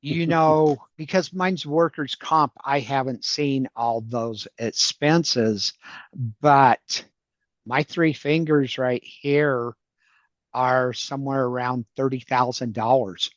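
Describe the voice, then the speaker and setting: A man hosting a podcast, speaking slowly and hesitantly with many pauses and "um"s. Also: mid-range voice, fairly even intonation, no room sound. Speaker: podcast host. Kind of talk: interview conversation. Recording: dry, dull lo-fi sound.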